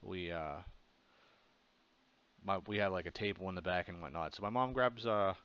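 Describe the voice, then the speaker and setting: A man's voice: low voice, moderate pace, clean tone. A man from Pennsylvania casually tells a childhood story in a rambling way, full of fillers. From Pennsylvania, USA. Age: adult. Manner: rambling, filler-heavy, laughs at his own story. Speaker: comic artist vlogger. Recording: slightly dull, muffled audio.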